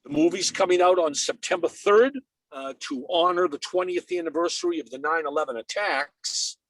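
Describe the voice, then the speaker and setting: A man's voice: a little high, normal speed, a bit bright, rough recording. An older man with a Boston accent, telling anecdotes as an interview guest on a video call in short, punchy phrases. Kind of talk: anecdotal storytelling.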